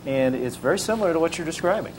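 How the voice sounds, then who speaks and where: A man's voice: on the high side, lively intonation, fast talker, darkish tone, slight background noise. A man interviewing a guest, asking hesitant questions full of fillers and stumbles.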